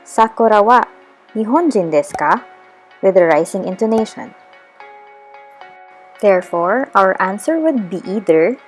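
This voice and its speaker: A woman teaching a beginner's lesson at an unhurried, patient pace, spelling out each pattern with clear enunciation. She slips in the odd Tagalog phrase as she goes. Soft music plays faintly beneath her voice. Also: mid-range voice. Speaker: language teacher. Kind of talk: slow explanatory lesson.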